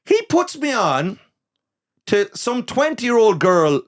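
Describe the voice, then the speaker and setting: A man spins a comic yarn as a podcast guest, his voice sitting a bit higher than most men's. He swears freely and jumps into the voices of everyone in his story, keeping the telling lively and rough. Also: slow. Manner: animated, profane, acts out the people in his story. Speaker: guest comedian.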